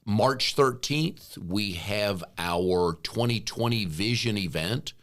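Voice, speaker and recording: A man's voice: fairly low pitch, slow. A middle-aged man co-hosting a business coaching podcast in a chatty, joking way. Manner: joking, chatty, relaxed banter. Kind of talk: casual podcast chat.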